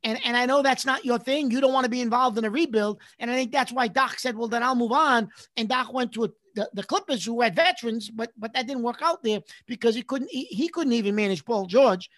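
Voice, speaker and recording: A man's voice: extremely high pitch, a little fast, hardly any pauses, fairly bright tone, no room sound. A man co-hosting a sports talk show, thinking aloud and asking questions with some hesitation. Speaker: sports radio co-host.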